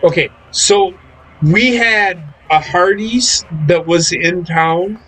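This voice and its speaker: A man's voice: high-pitched, slow pace, fairly bright tone, low-quality recording. A young man chatting casually while gaming, telling profane stories and laughing often. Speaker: gaming streamer. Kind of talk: casual chat.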